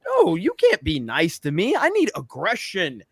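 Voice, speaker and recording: A man's voice: high-pitched, huge pitch swings, moderate pace, fairly bright tone, breathy edge, no room sound. A man hosting a casual podcast chat, rambling with lots of filler words and laughing often. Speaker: host.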